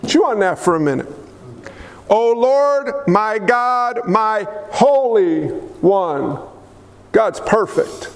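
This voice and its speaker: A man preaching a lively sermon, joking and asking the congregation questions. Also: high-pitched, takes it slowly. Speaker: pastor. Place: church hall. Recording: echoey hall with faint noise.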